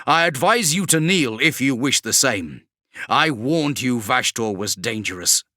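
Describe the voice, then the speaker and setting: A man's voice: mid-range voice, lively intonation, unhurried, pushed and bright. A man voicing a weary male sorcerer who speaks bluntly and with resignation. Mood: resigned.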